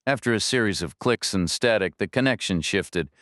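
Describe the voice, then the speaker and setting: A man narrating a thriller audiobook in a steady, measured storytelling voice on a close studio mic. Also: fairly low pitch, no echo. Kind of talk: scripted narration.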